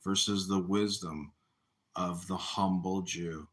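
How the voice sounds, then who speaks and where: A man trading mocking jabs in casual live stream banter, needling and teasing, swinging between loud jabs and quick muttered asides. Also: deep voice, fairly even intonation. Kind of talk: casual trash-talk banter.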